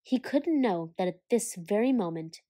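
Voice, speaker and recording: A woman narrating a children's novel aloud in a measured, expressive storytelling manner. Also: mid-range voice. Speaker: audiobook reader.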